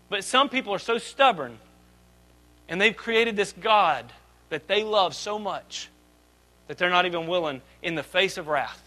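High bright-voiced male pastor preaching. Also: a little slow, rough recording. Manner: lively preaching, swings between loud emphasis and soft asides. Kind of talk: sermon.

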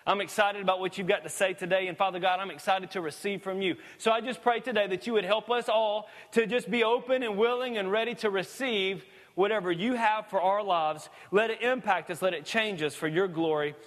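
Man, pastor, high voice, folksy sermon, long hall reverb. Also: a little fast, hardly any pauses, fairly bright tone. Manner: casual, folksy preaching with asides. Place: church sanctuary.

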